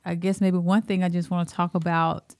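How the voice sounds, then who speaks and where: A woman's voice: on the low side, level tone, a little mellow, no echo. A woman with a Southern Alabama accent, a school superintendent speaking earnestly as a podcast guest. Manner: earnest, measured storytelling. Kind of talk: podcast interview.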